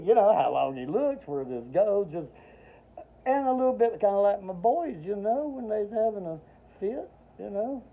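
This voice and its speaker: A man spins a rambling personal story with dry humor, acting out each voice he quotes. His pitch swings widely as he talks. The sound is thin and tinny, like a phone line. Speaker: Army veteran telling a personal story. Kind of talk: casual spoken storytelling.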